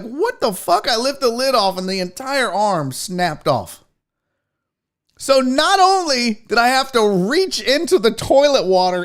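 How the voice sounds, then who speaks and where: A man's voice: high voice, fairly bright tone. A man hosting a live sports talk show, chatting loosely with viewers in a rambling, profane way. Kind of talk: casual live-stream chat.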